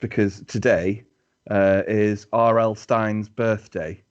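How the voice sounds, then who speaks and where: A man co-hosting a podcast, playful and quick to laugh in a casual comedic chat. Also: fairly low pitch, steady tone, smooth. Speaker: podcast co-host. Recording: dull, lo-fi sound.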